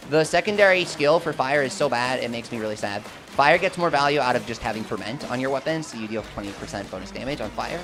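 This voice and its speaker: A young man commentating live gameplay and chatting with his viewers, swinging between hype and quick explanations. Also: medium pitch, fairly bright tone, slight background noise. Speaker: gaming streamer.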